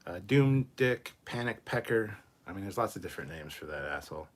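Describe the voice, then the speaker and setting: A man with a somewhat low, husky voice chats loosely on a livestream, reading out viewer messages. He swears constantly and pokes fun at himself while he rambles on between comments. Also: expressive, fast talker, a bit bright. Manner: profane, rambling, self-mocking. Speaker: livestream host reading chat. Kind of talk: casual livestream chat.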